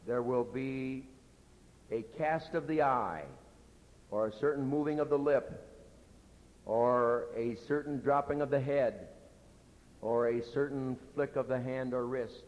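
A middle-aged pastor preaching in a church, earnest and conversational, going soft and low when he tells of his own mistakes. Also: lo-fi sound. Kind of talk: sermon. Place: church sanctuary. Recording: echoey hall with faint rumble.

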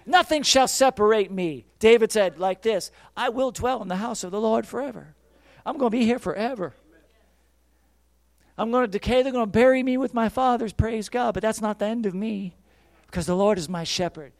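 A man preaching a sermon, fervent, swinging from quiet musings to shouted praise and acting out quoted voices. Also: high voice, moderate pace, dry recording.

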